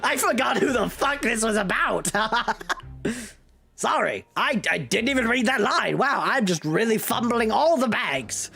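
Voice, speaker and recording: A woman's voice: a little high, expressive, a little slow, vocal fry, a bit bright, husky, soft background music. A woman streamer commenting on her game playthrough, swearing freely and mocking her own slips as she rambles.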